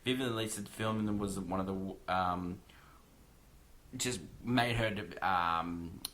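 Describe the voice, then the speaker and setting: Low-voiced man chatting about films. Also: takes it slowly, a bit bright, a little hiss or hum. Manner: rambling, many fillers and restarts. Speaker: podcast co-host. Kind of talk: casual film discussion.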